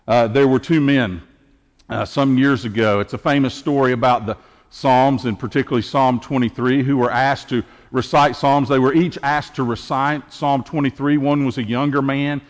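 A man preaching an Easter sermon as pastor, earnest and measured, with emphatic pauses. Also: medium pitch, a little mellow, big-room sound.

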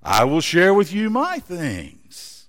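A man voicing a mountain echo that repeats words back slowly in a raised voice. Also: sits high, huge pitch swings, a bit bright, voice pushed up, exaggerated voice. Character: echo of a mountain answering a boy. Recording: long hall reverb.

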